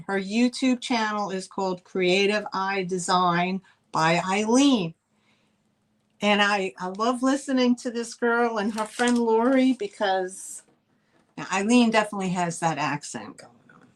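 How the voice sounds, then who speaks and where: A woman's voice: mid-range voice, measured pace. A woman with a New York accent hosting a live online sale, chatting with viewers and greeting them by name. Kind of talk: live-stream selling chat.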